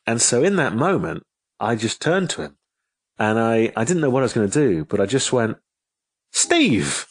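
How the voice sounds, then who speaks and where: A man, an author telling a story in an interview, lively and given to repeating and restarting his phrases. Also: mid-range voice, a little fast, slightly rough, dry recording. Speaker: author and guest.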